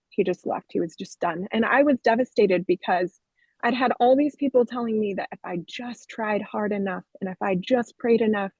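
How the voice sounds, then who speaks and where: A woman's voice: mid-range voice, darkish tone, slightly rough, no echo. A woman guest on a podcast, telling her life story in an earnest, candid way. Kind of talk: personal testimony in an interview. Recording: dull, dry lo-fi sound.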